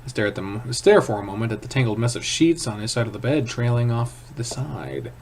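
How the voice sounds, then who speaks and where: A man reading a visual novel aloud in first person, with a hushed, tense, dramatic delivery. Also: mid-range voice, animated, a little fast, slight background noise. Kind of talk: first-person story narration.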